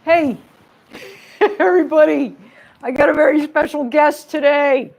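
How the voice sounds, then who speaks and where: Woman, kids' yoga teacher, fairly high voice, upbeat, encouraging, gentle with children. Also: a little slow. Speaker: kids yoga instructor. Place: home room with her dogs. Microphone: camera she set up herself.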